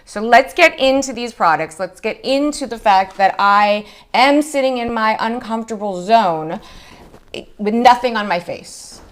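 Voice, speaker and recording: Emotional chatty woman in her forties. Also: measured pace. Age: 40s. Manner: emotional, chatty, voice jumps high when greeting viewers. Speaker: beauty show host. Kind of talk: live get-ready-with-me skincare chat.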